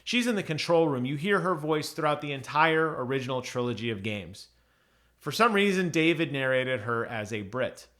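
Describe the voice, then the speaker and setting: A man's voice: mid-range voice, lively intonation, normal speed, a bit bright. A man casually reviewing an audiobook on his channel, chatty, with many ums and restarts.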